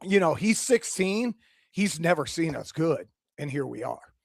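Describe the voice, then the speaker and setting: A male sports radio host with a high-pitched voice, talking in a passionate, fired-up rush. The studio sound is dry and close. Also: very animated, measured pace, creaky, dry recording. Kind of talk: excited sports radio talk.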